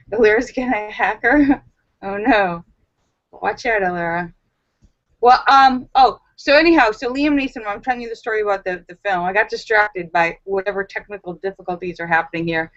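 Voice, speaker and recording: A young woman hosting a casual live stream at home, telling stories in an animated, chatty way with many fillers, on a webcam mic. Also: medium pitch, normal speed, muffled recording.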